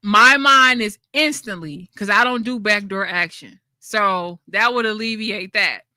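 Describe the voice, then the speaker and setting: A woman's voice: mid-range voice, measured pace, pushed and bright, no echo. Woman doing a casual livestream, blunt and laughy, dry close sound. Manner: blunt, laughing often, with slang. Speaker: channel host.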